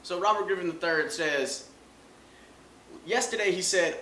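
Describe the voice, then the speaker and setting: A man hosting a comedy show, riffing loudly on sports with mocking asides. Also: on the high side, expressive, normal speed, roomy sound, a little hiss or hum. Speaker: host.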